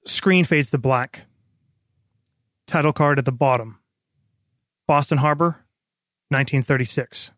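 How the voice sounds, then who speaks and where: A man's voice: medium pitch, a little slow, pauses often, fairly bright tone, dry recording, clean studio sound. A man running a tabletop role-playing game as game master, explaining the rules plainly.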